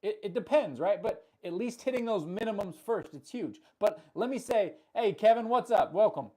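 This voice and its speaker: Upbeat high-voiced male fitness coach. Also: animated, moderate pace, warm tone. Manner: upbeat, greets viewers and answers chat comments; laughs often, repeats words for emphasis. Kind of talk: live-stream workout chat.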